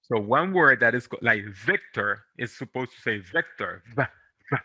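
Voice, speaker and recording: A man from America, teaching pronunciation in English, patiently drilling syllables and gently encouraging. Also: mid-range voice, animated, dry recording. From Latin America. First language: Spanish. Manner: patient, drills syllables slowly and repeats them; encouraging, gently corrects and reassures. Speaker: Spanish teacher. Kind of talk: online pronunciation lesson.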